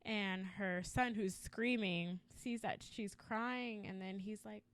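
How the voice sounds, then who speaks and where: A mom co-hosting a casual podcast, telling a story in a relaxed, rambling way, her sentences full of filler words. Her voice sits at an ordinary middle pitch. The sound is dry and close, with no room around it. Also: slow pace, dry recording. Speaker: podcast co-host. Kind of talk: casual chat.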